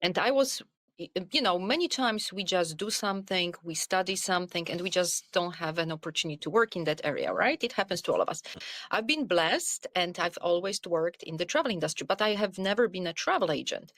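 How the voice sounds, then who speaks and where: A middle-aged woman guest on a podcast, telling her career story in an earnest, animated way, with many "you know"s. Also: lowish voice, a little fast, no echo. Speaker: podcast guest, wellness coach. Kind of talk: conversational interview storytelling.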